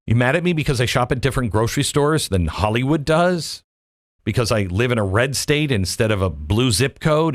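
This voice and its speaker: A man's voice: mid-range voice, expressive, moderate pace, no echo, studio quality. A man hosting a political opinion show, delivering a monologue full of rhetorical questions and folksy asides. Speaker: political commentary host.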